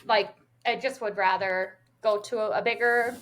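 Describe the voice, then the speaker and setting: A woman's voice: medium pitch, steady tone, normal speed. A woman from Minnesota, a guest on a casual podcast, playful and jokey, cutting in with quips. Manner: playful, jokey, interjecting with loud call-outs.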